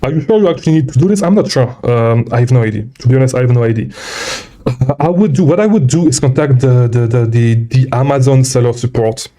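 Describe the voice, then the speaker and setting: Speaking quickly in a medium-pitched, dark voice, a man coaches sellers in a casual live Q&A from an indoor spot while traveling. He rambles, sounds out of breath, reads out viewer questions, and ends many lines with "okay?".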